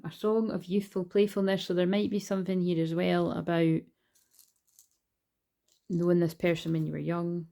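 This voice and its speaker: A woman's voice: fairly low pitch, level tone, normal speed, gravelly, long pauses, warm tone. A Scottish woman giving a casual, rambling spiritual card reading, chatty and swearing now and then.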